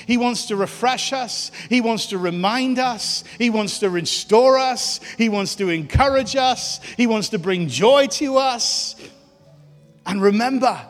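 A man preaches with a high, ringing voice, building his points through insistent repetition. His sermon carries a long hall reverb, with faint music underneath. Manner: impassioned, repetitive preaching cadence. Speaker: pastor. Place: church hall.

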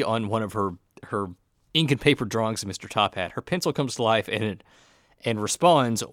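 A man's voice: mid-range voice, animated, normal speed, a bit bright, no echo, studio quality. A man co-hosting a casual podcast, recapping a plot with a wry tone. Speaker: podcast co-host. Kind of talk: casual chat recapping a TV show.

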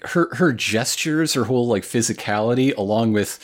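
A man co-hosting a casual anime podcast, narrating scenes and tossing in joking asides. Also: moderate pace. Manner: joking asides, expressive pitch swings. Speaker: podcast co-host. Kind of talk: casual anime recap chat.

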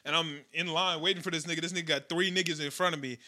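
A young man in casual chat, telling an animated, profane story as a podcast co-host. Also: on the high side, fast.

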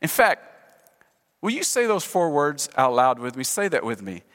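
A male pastor preaching a sermon to a congregation in a church, animated and acting out quoted speech, leading the room in call-and-response. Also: on the high side, moderate pace. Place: church sanctuary. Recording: long hall reverb in church.

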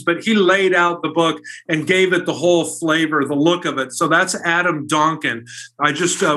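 A man's voice: a little high, pushed and bright. A man being interviewed as a guest, telling stories in an enthusiastic, rambling way. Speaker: guest, bird illustrator. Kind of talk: casual interview.

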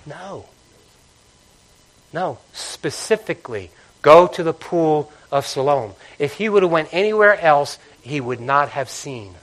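A man preaching a sermon, telling stories with animated swings between loud outbursts and quiet passages. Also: a little high, measured pace. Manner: animated storytelling, acting out characters with loud outbursts and quiet drops.

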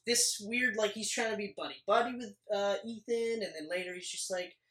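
A male co-host with a high, fairly bright voice jokes and rambles about a movie on a podcast, laughing readily. The casual review chat was recorded in an echoey space.

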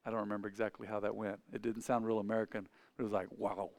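Man preaching, emphatic then hushed. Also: lowish voice, flat delivery, rapid-fire, no room sound. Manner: conversational, asks the congregation questions; swings between loud emphatic and quiet asides. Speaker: pastor. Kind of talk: sermon.

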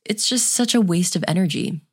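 A woman's voice: on the low side, lively intonation, brisk, slightly rough. A young woman co-hosting a podcast, chatting casually in a blunt, rambling way and swearing freely. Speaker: podcast co-host. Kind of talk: casual chat.

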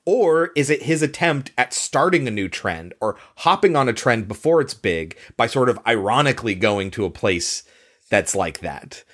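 A man's voice: mid-range voice, expressive, moderate pace, fairly bright tone. A man co-hosts a casual film podcast. His tone is wry and analytical, and he thinks aloud in rhetorical questions. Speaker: podcast co-host.

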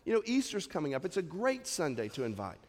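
A man's voice: on the high side, huge pitch swings, quick pace, darkish tone. A man preaching a sermon as pastor, conversational, full of rhetorical questions to the congregation. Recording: long hall reverb.

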